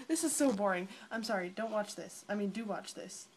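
A woman's voice: mid-range voice, animated, normal speed, few pauses. A young woman chatting casually to friends in a vlog recorded on her phone, bubbly and rambling, often giggling between thoughts. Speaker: vlogger. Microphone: phone camera at arm's length.

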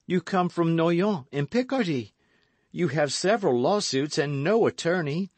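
A man voicing a proud, middle-aged lawyer's wife who talks in a piqued, pleading way, raising his voice well above its usual pitch. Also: animated, measured pace, no echo.

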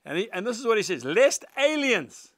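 A man's voice: high voice, animated, very fast, dry recording, clean studio sound. An older man, telling stories and preaching in an earnest, emphatic devotional talk.

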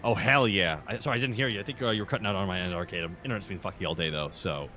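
A man's voice: fairly low pitch, very fast, pushed and bright, faint music behind. A man playing a tabletop game over a call, rambling animatedly through his turn with laughs. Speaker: player.

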